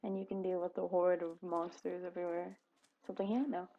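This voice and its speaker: A woman's voice: on the low side, level tone, fairly quick, warm tone, dull audio. A young woman chattering to herself while playing a video game, giggling and exclaiming as things happen. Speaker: gaming video creator. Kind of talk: casual gameplay commentary.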